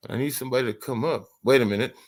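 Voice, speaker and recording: A man with a mid-range voice talks at a racing pace while hosting an early-morning live stream. He chats casually, rambling and stammering through many restarts, and laughs often.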